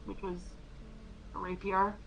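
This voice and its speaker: A woman speaking in character during a tabletop game, hesitant and full of pauses. Her pitch sits in a middle range, with a faint ambient hiss behind her. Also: flat delivery, vocal fry, highs cut off. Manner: hesitant, many pauses and fillers. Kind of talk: in-character tabletop role-play.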